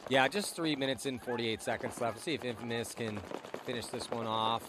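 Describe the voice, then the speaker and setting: Man, color commentator, casual chatty analysis, mid pitch, faint outdoor hum behind. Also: steady tone, brisk. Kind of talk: live sports commentary.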